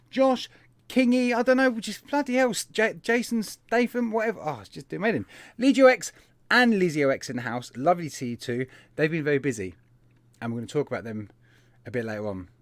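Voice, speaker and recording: A man's voice: high voice, animated, fairly quick, no room sound. A man hosting a live stream, chatting in a casual, upbeat way and greeting viewers one by one. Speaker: host of a vaping live stream.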